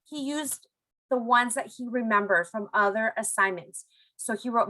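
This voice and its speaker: Woman, young adult, elementary language teacher; higher bright voice, patient and encouraging. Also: rough recording. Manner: encouraging, slow modelling of phrases. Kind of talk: recorded online lesson for young students.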